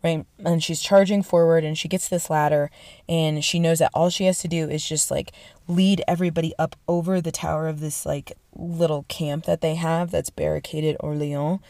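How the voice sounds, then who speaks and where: In a casual, profane history retelling, a young woman with a voice sitting a little low talks excitedly at a moderate pace, dropping swear words and lots of "like" and "right?". The recording is dry and close.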